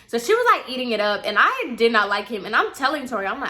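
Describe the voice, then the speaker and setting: A woman's voice: on the high side, very animated, fast, sharp tone. A young adult woman vlogger retelling a personal story in casual, chatty storytime style, with many fillers.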